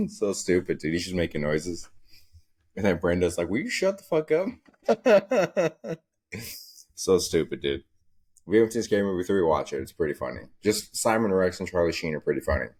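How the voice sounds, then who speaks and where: A young adult man hosting a solo comedy podcast, talking loosely and profanely and acting out scenes in squeaky voices. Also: a little fast, a little mellow, husky. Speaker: podcast host.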